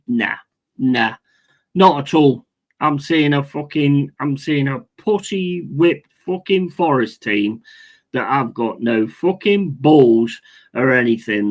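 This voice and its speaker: A man's voice: mid-range voice, rough recording. A man hosting a football watch-along stream, ranting angrily and swearing constantly while he answers viewers. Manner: swears constantly, repeats himself, chats with viewers. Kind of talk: angry live-stream rant.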